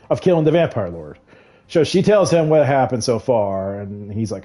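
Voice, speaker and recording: Man, rambling retelling, quoting characters, lively pitch, mellow tone, faint music behind. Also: normal speed. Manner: rambling retelling with quoted lines and laughs. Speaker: streamer recapping a novel. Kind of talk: casual chat while gaming.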